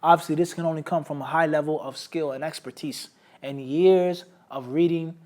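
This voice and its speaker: A man's voice: a little high, steady tone, normal speed, a little mellow. A man teaching a hadith studies class, explaining through everyday examples, checking in with the class and mixing Arabic terms into English. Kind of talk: Islamic studies lecture.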